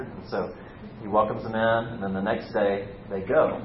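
A man's voice: fairly even intonation, moderate pace. A man preaching a casual, conversational sermon, telling a story and lightly acting out the quotes. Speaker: pastor. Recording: roomy, slightly dull recording with faint rumble.

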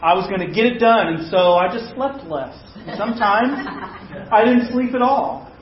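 High-voiced man telling a sermon story. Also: lively intonation, measured pace, a little hiss or hum. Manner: conversational, self-deprecating storyteller. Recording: echoey, dull-sounding room recording.

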